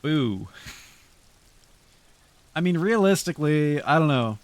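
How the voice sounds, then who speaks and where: A man's voice: fairly high pitch, expressive, slow pace, dry recording. A man streaming live, chatting loosely with his viewers as he wraps up, rambling and swearing freely. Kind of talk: casual stream sign-off chat to viewers.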